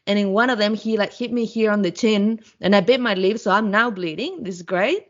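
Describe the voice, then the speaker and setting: A woman guest on a podcast, telling a story in a blunt, profane, animated way. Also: medium pitch, a little fast, lo-fi sound. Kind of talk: casual storytelling.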